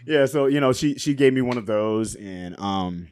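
A man's voice: mid-range voice, expressive, normal speed, a little mellow, clear, resonant tone, dry recording. A man being interviewed on a casual podcast, telling long loose stories about his past with frequent laughs and plenty of "you know" and "like.". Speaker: podcast guest, DJ.

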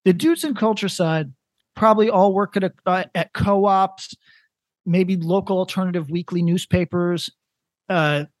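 A man in his thirties co-hosting a casual comedic podcast, rambling in a deadpan way with lots of restarts. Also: high voice, a little slow, no room sound. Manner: rambling, deadpan, building to a prank. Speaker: podcast co-host.

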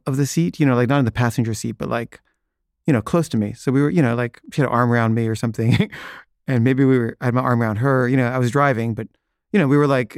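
A man's voice: medium pitch, darkish tone, dry recording, clean studio sound. A man casually telling a personal anecdote, rambling with many fillers and chuckles.

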